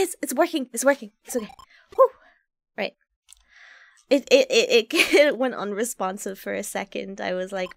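Gravelly young woman streamer, swearing casually. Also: medium pitch, animated, moderate pace, no echo. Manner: casual, swearing, reacting loudly. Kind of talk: live game commentary.

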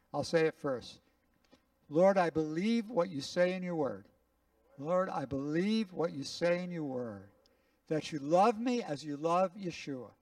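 A rabbi leads his congregation in prayer, his voice sitting a little high for a man. He speaks earnestly, pausing for the room to repeat after him. The recording is dry and picked up from some distance from the mic. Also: no room sound. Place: congregation sanctuary.

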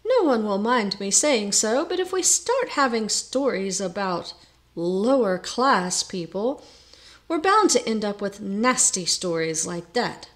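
A woman's voice: medium pitch, sing-song, a little slow, fairly bright tone. A woman voicing a prim, coy older noblewoman prioress who speaks in a genteel, simpering way and drops in French words.

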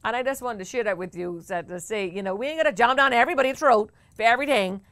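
A woman with a Bahamian accent hosting a talk show, telling a story in a chatty, animated way with bursts of laughter. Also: fairly high pitch, fast, no room sound. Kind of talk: casual storytelling to camera.

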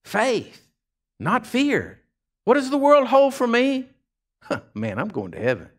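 A man preaching with a drawl, his voice sitting high and leaping around in pitch. He tells homespun stories, dropping to hushed asides and then rising to fired-up shouts. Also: huge pitch swings, a little slow. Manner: folksy storytelling, swings from hushed asides to shouting. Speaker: pastor. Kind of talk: sermon.

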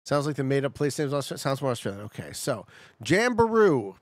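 A man streaming a geography game, chatting casually with his viewers and bursting out excitedly when he gets it right. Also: mid-range voice, a little fast, no echo, studio quality. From Canada. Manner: chatty, talks to chat, excitable outbursts. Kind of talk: casual live-stream commentary.

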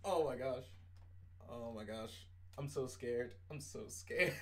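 A man doing let's play commentary as a gaming streamer, excitable, swinging between hushed murmurs and shouts. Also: mid-range voice, slow pace. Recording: roomy room, distant mic, game music.

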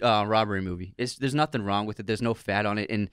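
A man co-hosting a podcast in casual chat, who gets excited and laughs easily. His voice is smooth and clear. The sound is close and dry. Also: on the low side, fast talker, no echo. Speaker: podcast co-host.

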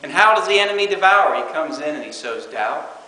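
A man delivers a conversational sermon, slipping into the voices of praying and doubting people. His voice sits a little high and rings bright and forceful. The sound carries a long, roomy reverb from the hall. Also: expressive, fairly quick. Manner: conversational preaching, acting out quoted prayers. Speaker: preacher.

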